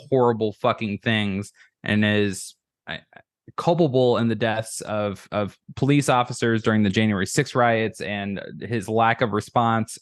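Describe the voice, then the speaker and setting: Low-voiced man, rambling podcast guest. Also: no echo, clean studio sound. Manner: rambling, profane, with frequent restarts and stammers. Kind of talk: casual political chat.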